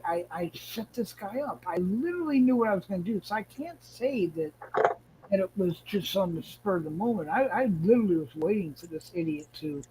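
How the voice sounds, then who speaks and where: A man's voice: high voice, lively intonation, a little fast, darkish tone, a little hiss or hum, rough recording. Male streamer, in pain, sleepless, angry, swears and rambles. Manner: agitated, profane, rambling with restarts. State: in pain, struggling to stay awake. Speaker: livestream host. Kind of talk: casual livestream chat.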